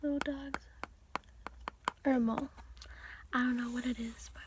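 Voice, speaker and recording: A woman giving a whispered ASMR storybook reading, softly narrating and adding gentle, giggly asides between the pages. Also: sits high, fairly even intonation, normal speed, background noise. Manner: soft whispering with chatty asides. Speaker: ASMR reader.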